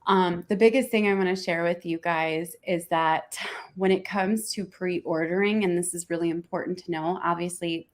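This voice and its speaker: A woman author as a guest on a live stream interview, chatty and excited. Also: on the low side.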